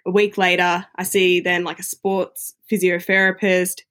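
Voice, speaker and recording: A woman telling a personal story in a casual, chatty way, often filling pauses with "you know". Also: on the low side, level tone, a bit bright.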